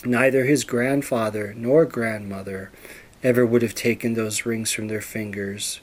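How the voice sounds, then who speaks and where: A man narrating a storybook in a steady, measured reading voice. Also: lowish voice.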